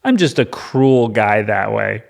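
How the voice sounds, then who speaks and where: A man's voice: fairly low pitch, animated, a little slow, gravelly. A man voicing a petty, jealous male deity who threatens his people in a mocking, sarcastic tone. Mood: spiteful.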